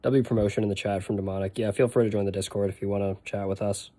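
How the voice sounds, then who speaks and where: A young man with a Boston accent talks his way through a game stream in loose, rambling chat, stopping to answer questions from his viewers. His voice sits on the low side and sounds mellow and relaxed. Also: quick pace. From northeastern United States. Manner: chatty, rambling, answers chat while playing. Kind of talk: casual gameplay stream chat.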